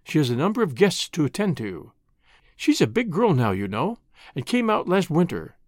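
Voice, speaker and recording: Man doing a gentle loving mom, soft voice that swings all over, storybook reading. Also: on the high side, very animated, normal speed, dry recording, clean studio sound. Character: tender devoted mother, gentle and determined.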